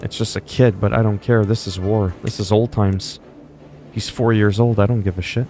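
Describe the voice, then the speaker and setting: A man's voice: lowish voice, steady tone, normal speed, darkish tone. A man casually commenting while streaming a strategy game, brash and profane, slipping into mock-regal lines. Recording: faint game music behind.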